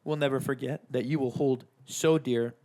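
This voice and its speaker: A man's voice: mid-range voice, steady tone, normal speed, warm tone. A young man co-hosting a podcast, telling a story in an enthusiastic, playful casual chat. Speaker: podcast co-host.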